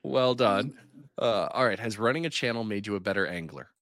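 A man's voice: on the low side, lively intonation, a little fast, fairly bright tone, no echo. A man hosting a fishing podcast, asking questions in casual chat and freely teasing and joking in a blunt way. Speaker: podcast host.

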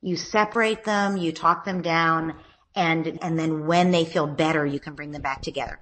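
A woman, a parenting expert, calmly explaining what parents can say to children who are fighting. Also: deep voice, moderate pace. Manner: calm, explanatory, acts out gentle parent lines. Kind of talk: advice conversation.

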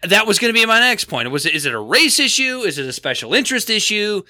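A man co-hosting a casual talk podcast, his voice very bright and a touch high, with wide animated swings in pitch. He speaks in exasperated, fast bursts. The sound is dry and close. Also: dry recording. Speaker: podcast co-host. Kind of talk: casual political chat.

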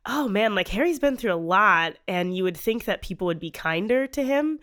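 A woman's voice: mid-range voice, animated, moderate pace, fairly bright tone. A woman guesting on a podcast, chatting casually and rambling with lots of filler words.

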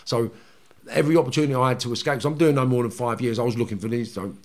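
A man's voice: mid-range voice, rapid-fire, a little hiss or hum. A middle-aged man casually telling his own story, blunt and slangy with lots of swearing. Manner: blunt, heavy swearing, slangy, animated retelling.

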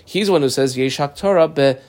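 A man's voice: fairly high pitch, brisk, darkish tone. A man teaching a Talmud class, reading the Aramaic aloud and explaining it step by step, with a yeshiva-style pronunciation of Hebrew words. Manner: explains term by term, reads Aramaic then translates; uses Yiddish-influenced yeshiva pronunciation of Hebrew.

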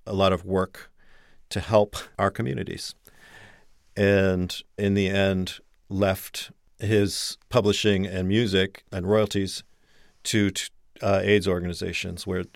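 A man speaking as a biographer in an interview, measured and thoughtful as he explains. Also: low-pitched, no echo, clean studio sound.

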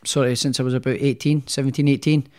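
A man's voice: medium pitch, level tone, fast, darkish tone. Man, Scottish accent, podcast guest, casual storytelling, rambling, frequent restarts. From Scotland. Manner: rambling, many restarts and fillers, self-deprecating. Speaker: guest, professional boxer.

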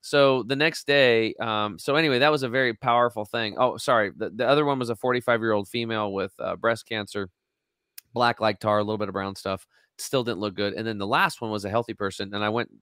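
A man in his late forties tells a story in an interview with plenty of energy, acting out the lines of the people in it. His voice sits low and sounds smooth and resonant. The recording is dry and close. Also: brisk, no echo. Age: 40s. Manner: energetic, acts out quotes. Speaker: guest.

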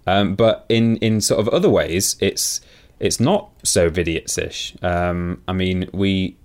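A man's voice: low voice, slow pace, darkish tone. A man co-hosting a podcast, talking casually with many ums and restarts. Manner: hesitant, lots of ums and restarts. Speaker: podcast co-host. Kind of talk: casual chat.

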